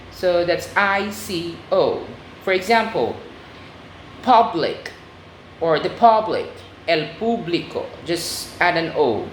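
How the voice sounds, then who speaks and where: A woman teaching a Spanish lesson, slow and deliberate, repeating words for her students. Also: mid-range voice, a little hiss or hum. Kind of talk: oral recitation lesson. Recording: echoey room with faint ambience.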